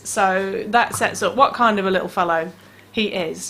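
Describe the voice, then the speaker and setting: A woman's voice: medium pitch, moderate pace, bright, forceful tone. A woman with a New Zealand accent chatting as a radio book reviewer, reading out picture-book lines in playful voices. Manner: chatty, acts out story voices.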